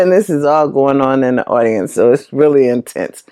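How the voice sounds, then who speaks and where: A middle-aged woman casually retelling a story in an animated way, exclaiming often. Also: very deep voice, moderate pace. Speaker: vlogger.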